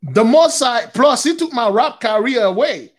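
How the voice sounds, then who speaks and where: A man with a notably high voice shares a loose, rambling testimony with his online congregation. He stumbles and restarts often and keeps turning to his listeners as brothers and sisters. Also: expressive, normal speed, breathy edge. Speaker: religious YouTube channel host. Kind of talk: casual spoken testimony.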